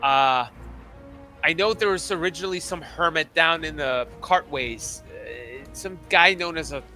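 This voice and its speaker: A man's voice: on the high side, unhurried, bright, forceful tone. A small, nervous kobold dock worker in a tabletop game, as a game master puts him on. He stammers and hesitates, his voice lifted somewhat above the narrator's own. Faint music plays behind. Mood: hesitant.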